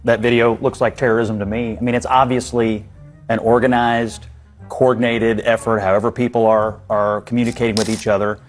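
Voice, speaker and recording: Indignant man in a TV debate. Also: fairly low pitch. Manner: forceful, indignant. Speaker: TV panel guest. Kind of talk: heated TV panel debate.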